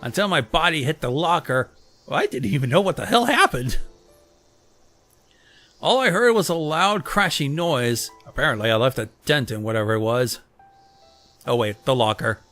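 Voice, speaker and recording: A man's voice: mid-range voice, lively intonation, moderate pace, pauses often, pushed and bright, faint music behind. A man reading a visual novel aloud as a let's play host, swearing and reacting as he goes. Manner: casual, profane, reacts mid-read. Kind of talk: reading a game aloud with commentary.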